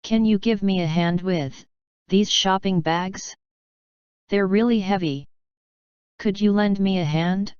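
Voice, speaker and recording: A woman reading short English example phrases aloud one by one in a slow, careful lesson delivery. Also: medium pitch, clear, resonant tone, dry recording, muffled recording. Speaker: English teacher.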